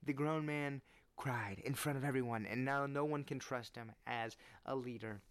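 Earnest man giving smooth sports commentary. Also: moderate pace. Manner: earnest and animated, rising in pitch when making his point. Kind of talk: opinion commentary.

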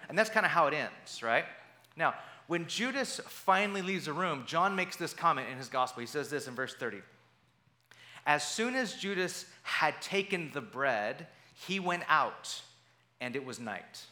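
A man preaching a sermon, retelling a scripture passage with animated storytelling and briefly acting out the voices of the people in it. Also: a little high, moderate pace. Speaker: pastor.

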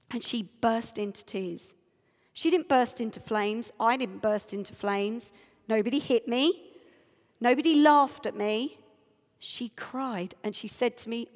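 A middle-aged woman preaching a sermon, telling a story with lively, self-mocking acted-out dialogue. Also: fairly high pitch, measured pace. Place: church. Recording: church hall reverb.

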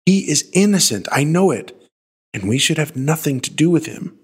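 A man's voice: on the high side, sing-song, normal speed, husky, pitched above the performer's own voice. A man reading Pilate's anxious wife, urgent. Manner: urgent, pleading.

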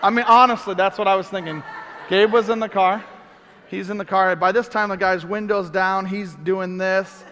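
A middle-aged man preaching, telling a story with lively acted-out outbursts. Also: high-pitched, normal speed, in a large hall, slight background noise. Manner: animated storyteller, acts out shouts. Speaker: pastor. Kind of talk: sermon storytelling.

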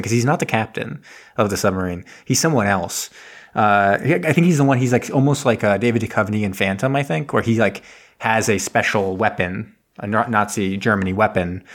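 A man co-hosting a podcast from home over an internet call, recapping a movie in a rambling, laughing way with many restarts. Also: lowish voice. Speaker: podcast co-host. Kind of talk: casual movie recap chat.

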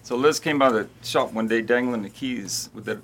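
A man with a gravelly, creaky voice tells a story at an easy pace in a casual chat with friends. He sounds laid-back. A faint hiss sits behind his voice. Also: mid-range voice. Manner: laid-back, unhurried anecdotes. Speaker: band member.

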